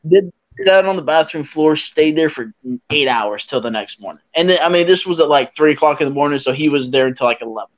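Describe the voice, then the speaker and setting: Animated high-voiced young man telling stories. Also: quick pace. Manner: animated, laughs through his story, acts out quotes. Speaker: podcast host. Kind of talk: casual storytelling. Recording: dull lo-fi sound.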